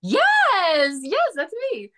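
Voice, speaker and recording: A woman's voice: very high-pitched, wildly swooping pitch, drawn-out words, sharp tone. A woman with a Southern US accent, an actress chatting casually in an interview, laughing often and swearing lightly. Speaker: actress guest.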